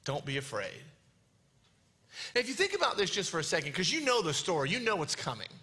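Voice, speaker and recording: Man, pastor preaching, animated and playful, bright high voice, lots of swing in pitch. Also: racing. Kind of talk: sermon.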